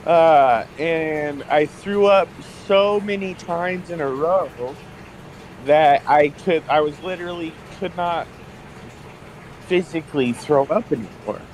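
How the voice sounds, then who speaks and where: A man's voice: fairly high pitch, slow, a little mellow, a little hiss or hum, low-quality recording. A young man telling a personal story in a casual podcast chat, rambling with lots of fillers and restarts. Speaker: guest.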